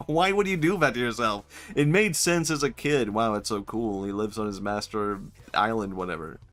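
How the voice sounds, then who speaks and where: A man's voice: fairly low pitch, normal speed, a bit bright. A male streamer giving casual, joking commentary while playing a game, laughing often and swearing freely.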